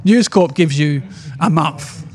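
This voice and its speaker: An Australian man co-hosting a casual finance chat, telling stories quickly with wry asides. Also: a little high. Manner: rapid, animated storytelling with wry asides. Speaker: podcast co-host, shareholder activist.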